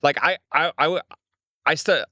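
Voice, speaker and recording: Animated young man, casual chat. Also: moderate pace, dry recording, lo-fi sound. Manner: animated, acts out quotes with pitch jumps. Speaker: creative director, guest.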